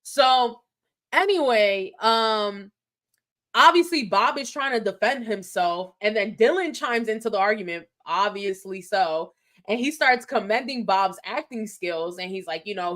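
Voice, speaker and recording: A woman's voice: medium pitch, animated, a little slow, fairly bright tone. A woman co-hosting a podcast, chatting through a casual reality-TV recap and acting out quoted reactions. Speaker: podcast co-host.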